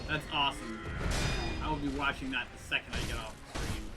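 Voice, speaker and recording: A man's voice: medium pitch, a little fast, loud music behind the voice. A man chatting casually and joking with mock French asides while live-streaming a video game.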